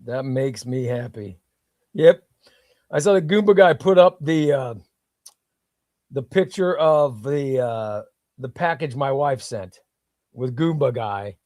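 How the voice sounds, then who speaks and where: A man's voice: mid-range voice, expressive, slow pace, long pauses, a little mellow, dry recording, clean studio sound. A man hosting a casual comics livestream, reading viewer comments in an enthusiastic, rambling way.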